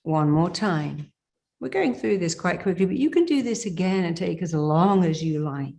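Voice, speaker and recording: A woman's voice: on the low side, expressive, moderate pace, dark tone. A middle-aged woman, a therapist, leading a guided self-help exercise in an emphatic, commanding way, with phrases repeated for listeners to say back.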